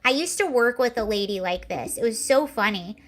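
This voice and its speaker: A woman with a somewhat high voice hosts a casual livestream. She chats sarcastically, laughs often and reads viewer comments aloud. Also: lively intonation, fairly quick. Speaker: livestream host. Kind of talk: casual chat reacting to clips and comments.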